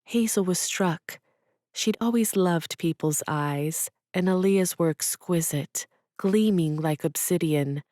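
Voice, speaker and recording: A woman reading a romance audiobook as narrator, telling it in a measured, gentle way. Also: lowish voice, no room sound, studio quality. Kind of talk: scripted narration.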